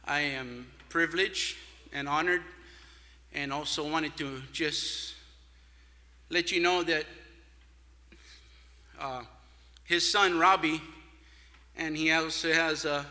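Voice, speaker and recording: Earnest Hawaiian man giving a halting tribute. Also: fairly high pitch, sharp tone. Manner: earnest, halting, with many fillers. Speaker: award speaker. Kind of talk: heartfelt tribute speech. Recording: long reverb of a large hall.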